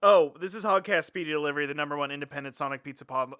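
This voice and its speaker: Male podcast host, dry sardonic wit, bright slightly high voice. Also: racing, clean tone. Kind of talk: casual chat.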